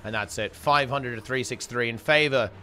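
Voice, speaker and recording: A man's voice: medium pitch, normal speed, sharp tone, slight background noise. A man casting a live online game tournament in a chatty, rambling way, often correcting himself mid-sentence. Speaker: esports tournament commentator. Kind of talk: casual live game commentary.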